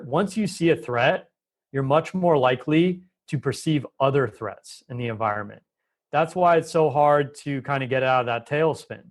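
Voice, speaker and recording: Emphatic man explaining health topics. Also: fairly high pitch. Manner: emphatic, explanatory, shifts pace often. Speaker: Ayurvedic doctor, guest. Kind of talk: conversational interview.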